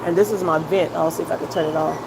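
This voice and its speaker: A woman's voice: low-pitched, fairly even intonation, quick pace, vocal fry. A woman hosting a live cooking demonstration from her home kitchen, chatting and giving instructions as she works, recorded on a phone. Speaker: cooking show host. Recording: kitchen vent hum behind.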